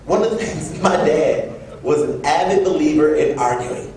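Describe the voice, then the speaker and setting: A young man giving a personal storytelling speech at an event, animated and acting out quoted voices. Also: moderate pace. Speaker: event speaker. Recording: echoey room from far off with low rumble.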